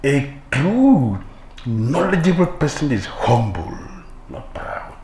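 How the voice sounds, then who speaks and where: A man preaches a scripture class in a lively, rising-and-falling voice. He hammers rhetorical questions and laughs at the envious. The sound is roomy, with a faint hum of ambience behind him. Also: medium pitch, takes it slowly. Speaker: swami giving a scripture class. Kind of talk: sermon on scripture. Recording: echoey hall with faint ambience.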